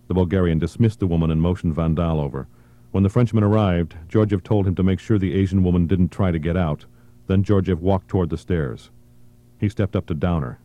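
A man narrates a thriller audiobook in a measured, even way. His voice sits low and sounds very dark and mellow. The reading stays steady throughout. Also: highs cut off.

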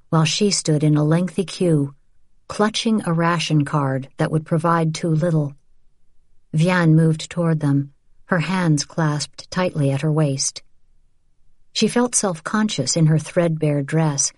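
A woman narrates an audiobook in a measured, even storytelling manner, reading scripted narration. Her voice is deep, and the clean studio sound has no echo.

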